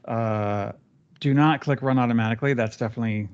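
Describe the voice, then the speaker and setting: A man guiding a trainee step by step through a software training session, relaxed and chatty with fillers. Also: mid-range voice, brisk, clear, resonant tone, muffled recording. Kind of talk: live screen-share training session.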